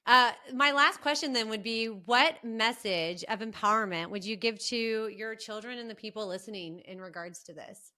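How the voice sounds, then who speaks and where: Podcast host, woman: higher, bright and forceful, chatty, quick to laugh. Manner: chatty, laughs often, quick agreeing "yeah". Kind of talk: casual chat.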